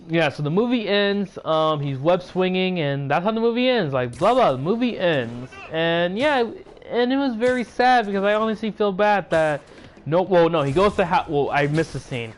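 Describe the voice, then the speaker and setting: Sleepy, yawning, and nursing a sore throat, a male YouTuber rambles through a casual movie recap for his channel, packed with fillers. His voice is high-pitched and expressive, at a moderate pace.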